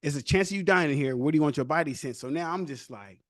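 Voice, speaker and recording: A young man hosting a podcast, telling his own story casually with loose street slang and animated retellings. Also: a little high, fast talker, dry recording, studio quality.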